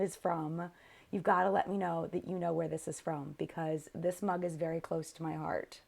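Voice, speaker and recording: A young woman hosting a live makeup chat with viewers, tired and low on energy, rambling and often interrupting herself. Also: flat delivery, moderate pace, gravelly, darkish tone. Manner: scattered, rambling, self-interrupting. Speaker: beauty channel host.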